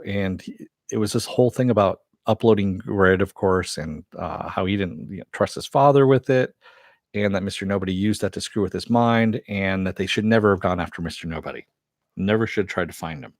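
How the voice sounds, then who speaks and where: A man's voice: deep voice, normal speed, no room sound, studio quality. A man recapping a TV episode in a rambling, casual way, full of fillers and quoted lines. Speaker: TV episode reviewer.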